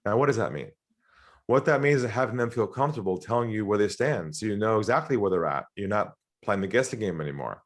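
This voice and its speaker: A middle-aged Australian man, a sales trainer, talks through an interview with a fairly low voice. He tells anecdotes with lively energy and jumps into acted quotes, laughing as he goes. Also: fast. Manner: animated storyteller, acts out quoted voices, laughs often. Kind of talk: storytelling interview talk.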